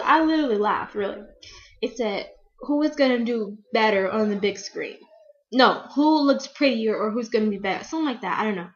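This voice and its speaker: Teenage girl vlogger, casual rambling delivery, a bit high-pitched, muffled lo-fi webcam sound. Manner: rambling, filler-heavy, frequent restarts. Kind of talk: casual fan vlog rant. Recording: dull lo-fi webcam audio.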